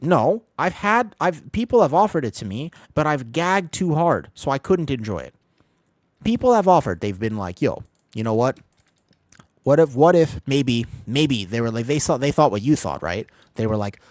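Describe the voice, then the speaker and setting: A man streaming an online game as a healer, rambling excitably through casual commentary, swearing freely and laughing often. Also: medium pitch, moderate pace, dry recording, clean studio sound. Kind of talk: casual live gameplay commentary.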